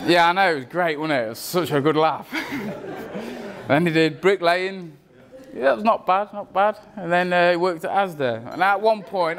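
A man's voice: sits high, normal speed, fairly bright tone, some chatter behind. A young man giving a rambling, teasing wedding speech about his friend. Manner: rambling, joking, teasing, self-interrupting. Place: wedding reception.

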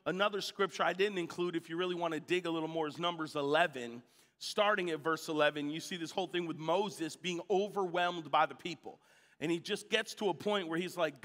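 Guy preaching, lively storytelling, gets shouty, big echoey church. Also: high voice. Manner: animated storytelling, shouting at peaks. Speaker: pastor. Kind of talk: sermon. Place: church sanctuary. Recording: church hall reverb.

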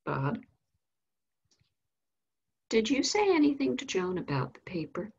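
A woman voicing a mother who speaks in a calm, loving but firm way. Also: on the high side, lo-fi sound, a little hiss or hum. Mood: gentle. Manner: soft and measured.

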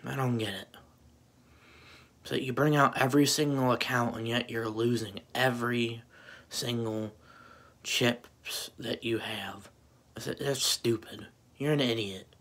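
Young male vlogger, husky voice, unhurried delivery, repetitive mocking rant. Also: mid-range voice, fairly bright tone. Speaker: YouTuber. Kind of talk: angry rant vlog.

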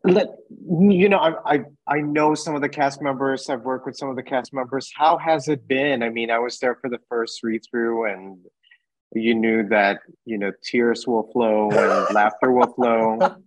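Male interviewer, measured questions, dry close sound. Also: mid-range voice, no echo, rough recording. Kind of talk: casual interview.

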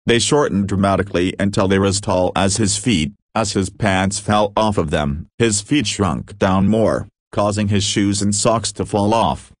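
A man reading a story aloud at a steady, even clip. His voice sits a little low, and the recording is dry and close with no room sound. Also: no room sound. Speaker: story narrator.

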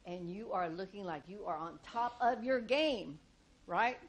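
A woman's voice: medium pitch, lively intonation, unhurried, a little hiss or hum. An older woman teaching presentation skills to a live audience, coaching directly with rhetorical questions and acted-out examples.

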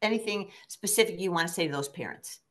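A low-pitched woman hosts a parenting Q&A on a video call. She puts her questions hesitantly, with plenty of "um" and "uh", then speaks as a fellow parent. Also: fast talker. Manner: hesitant, with fillers, warm agreeing murmurs. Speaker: webinar host and moderator.

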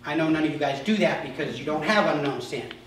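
A male pastor delivering a sermon, emphatic, dropping to soft asides and then rising sharply. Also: on the high side, fast, a crowd in the background. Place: church sanctuary. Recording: echoey church hall from far off.

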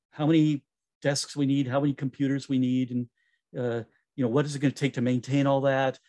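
A man giving a conference talk in a relaxed, conversational way, with fillers and self-corrections. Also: mid-range voice. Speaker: conference speaker.

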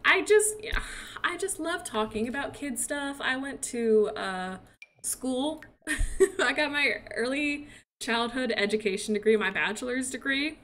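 A woman's voice: sits high, lively intonation, unhurried, a bit bright. A young woman in her twenties chatting casually while she plays, rambling about her son and laughing often. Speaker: gaming streamer and mother. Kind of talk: casual chat while playing.

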